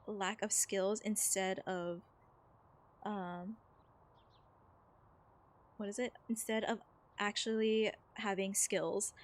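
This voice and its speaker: Woman streamer, mid-pitched, loose rambling chat over gameplay, reads chat aloud, faint background noise. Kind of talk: casual chat while gaming.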